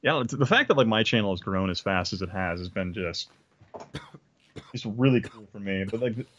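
A man's voice: fairly low pitch, expressive, brisk, fairly bright tone, slight background noise. A man guesting on a podcast, chatting casually in a laid-back, rambling way and laughing often. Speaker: podcast guest, history video creator. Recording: dull lo-fi mic.

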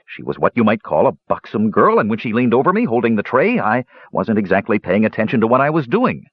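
A man's voice: on the low side, big pitch swings, fast, husky, dry recording, dull audio. A man voicing a jovial young warrior with an easy, good-humoured way of talking. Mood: easygoing.

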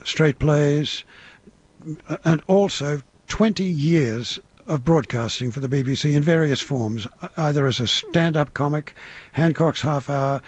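A man's voice: fairly high pitch, dry recording. An older man with an Australian accent, telling showbusiness anecdotes in an interview with rambling restarts and quoted voices. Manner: rambling raconteur, hesitant restarts, mimics others in quotes. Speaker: interview guest, veteran entertainer.

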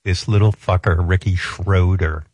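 A man's voice: low-pitched, steady tone, moderate pace, a little mellow, no room sound. A male comedian ranting in an exasperated, sarcastic way, swearing constantly as he reacts to a clip. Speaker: comedian and show host. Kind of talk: profane comic rant.

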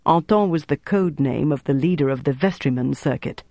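A man narrating an audiobook with steady, measured storytelling. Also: fairly high pitch, gravelly, no room sound.

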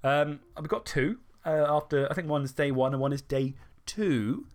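A man's voice: on the high side, a little mellow. A man hosting a podcast in casual chat, joking with his co-hosts. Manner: jokey, rapid, laughs often. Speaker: podcast host.

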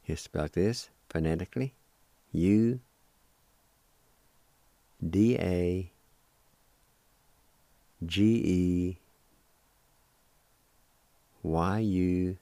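A man hosting a radio language lesson, spelling and pronouncing each word slowly and patiently, repeating it several times. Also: low voice, mellow, no echo. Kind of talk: slow spelling and pronunciation lesson.

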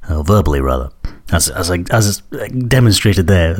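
A man's voice: deep voice, animated, normal speed, darkish tone. A man in his thirties with a Scottish accent that carries traces of Newcastle, hosting a podcast in a casual, rambling, self-deprecating monologue full of fillers. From Scotland. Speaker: podcast host.

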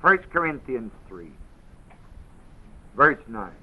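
Slow, emphatic male Bible teacher. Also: medium pitch, big pitch swings, phone-quality sound. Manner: emphatic, quizzes the class with questions.

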